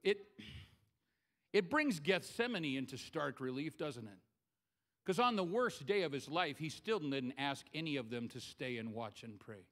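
A man's voice: on the high side, lively intonation, a little slow, a bit bright. A man preaching a sermon as pastor, conversational and humorous, acting out scripture scenes in his own voice.

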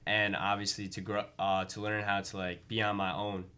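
A man's voice: lowish voice, little pitch movement, normal speed, pushed and bright, clear, resonant tone. A young man with a Long Island accent, a college student guest speaking earnestly and filling his speech with "like" and "uh". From Long Island, New York. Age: young adult. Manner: earnest, uses many likes and uhs. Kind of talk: casual interview chat.

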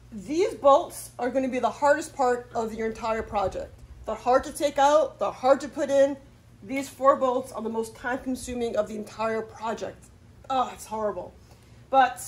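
A woman hosting a motorcycle repair channel, giving upbeat, chatty step-by-step instructions. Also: fairly high pitch. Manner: upbeat and chatty, cheering when parts fit. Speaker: host of a motorcycle how-to channel. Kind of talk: casual how-to instruction.

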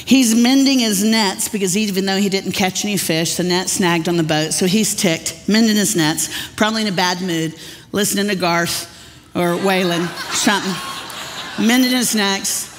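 A woman's voice: mid-range voice, moderate pace, faint music behind. A woman pastor, preaching with humorous, folksy storytelling in a large church. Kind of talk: sermon. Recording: long reverb of a church hall.

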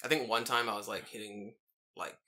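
A man's voice: fairly low pitch, fairly even intonation, fairly quick, pushed and bright. A man with an English accent, hosting a casual podcast chat, swearing and acting out quotes. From England. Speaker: podcast host.

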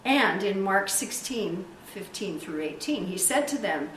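Woman pastor, emphatic sermon and prayer, drawn-out stresses; roomy, distant recording with faint hiss. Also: medium pitch, expressive, a bit bright. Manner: emphatic, stretches key words for effect. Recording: echoey room, distant mic, faint hiss.

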